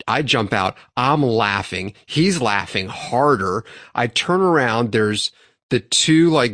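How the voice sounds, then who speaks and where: A man's voice: lowish voice, fairly bright tone, no echo, studio quality. Profane man telling a story. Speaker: podcast co-host. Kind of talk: casual storytelling among friends.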